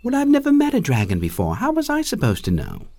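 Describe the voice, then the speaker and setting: A man putting on a higher voice for a brash, blunt young fire witch in an audiobook. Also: huge pitch swings, normal speed, mellow, no echo. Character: sharp-tongued young fire witch girl. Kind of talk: audiobook character voice.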